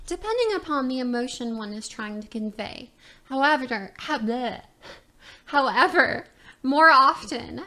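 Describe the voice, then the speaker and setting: Woman voice coach, high pitch, slow deliberate lecture delivery, explanatory. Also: bright, forceful tone. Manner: methodical, explanatory, checks in with "all right" and "right?". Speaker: voice teacher. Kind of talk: recorded lecture presentation.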